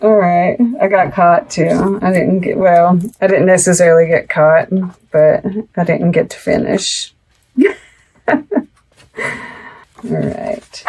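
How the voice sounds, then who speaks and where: Slow-talking woman giving a tarot reading. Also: fairly low pitch, fairly even intonation, darkish tone. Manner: meandering, many fillers and "right?" asides; laughs easily. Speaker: tarot reader. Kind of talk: casual tarot reading with read-aloud card text.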